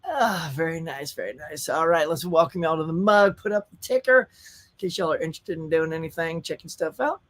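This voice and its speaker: A man's voice: a little high, lively intonation, brisk, fairly bright tone. A middle-aged man from Colorado, hosting a casual live stream and chatting with viewers, often laughing. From Colorado, USA.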